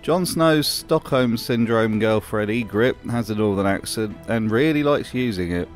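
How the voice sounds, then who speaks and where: A man's voice: on the low side, animated, a little slow, faint music behind. A man narrating a wry commentary voice-over in a dry, sardonic manner. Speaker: video narrator.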